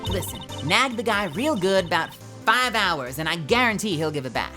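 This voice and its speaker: A woman's voice: on the low side, expressive, normal speed, over music, lightly acted. A woman voicing a brash young female photographer in a video game, pushy and folksy with a put-on drawl. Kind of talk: playing a game character aloud.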